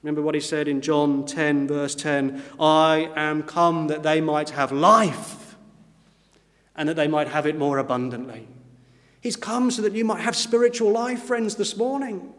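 A man's voice: fairly high pitch, fairly bright tone. Earnest preacher, man in a reverberant church. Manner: earnest preaching, slows down to quote scripture. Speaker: pastor. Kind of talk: sermon.

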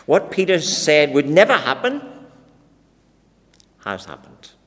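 A man's voice: a little high, huge pitch swings, slow pace, fairly bright tone. A man preaching an expository sermon, dramatic and full of rhetorical questions put to his listeners. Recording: long reverb of a large hall.

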